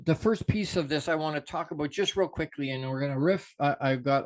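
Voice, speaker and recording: A middle-aged man delivering an off-the-cuff motivational talk with fervent passion. His voice sits a touch high for a man, and he drops quiet and low for reflection, then surges up to push a point hard. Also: fast, few pauses. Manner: passionate, preachy, swings from soft to emphatic. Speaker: motivational show host.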